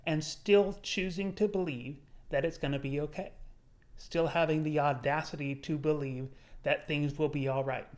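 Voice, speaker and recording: A young man talking to his viewers in an earnest motivational monologue, his voice sitting a little high for a man. He paces it out and lingers on the words he wants to land. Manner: earnest, measured, slowing on key words. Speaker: YouTuber.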